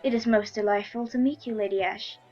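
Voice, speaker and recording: A woman's voice: medium pitch, fairly even intonation, brisk, mellow, distant mic, muffled recording, faint music behind, close to an everyday voice. A woman voicing a formal, courteous male army colonel in a story game, with little change from her own voice. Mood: polite.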